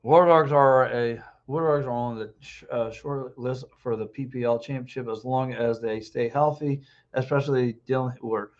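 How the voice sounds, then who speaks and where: A man in his fifties hosting a podcast, talking sports alone and reading out live comments, blunt and excitable, repeating himself, a little hoarse with a dry throat. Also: mid-range voice, normal speed, hardly any pauses. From Philadelphia. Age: 50s. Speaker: podcast host. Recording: dull lo-fi stream audio.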